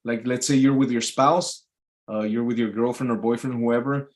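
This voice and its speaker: A man of medium pitch talks off the cuff to his live viewers. He rambles and swears freely, circling back with plenty of uhs and false starts. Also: fairly even intonation, moderate pace, a little mellow. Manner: rambling, profane, full of fillers and restarts. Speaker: YouTube livestreamer. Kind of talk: casual rambling monologue. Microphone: live stream mic.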